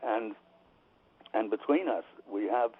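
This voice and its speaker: A man's voice: on the low side, slow, husky. A man being interviewed on the radio, talking emphatically and opinionatedly with frequent restarts, heard over a tinny phone line. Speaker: author and guest.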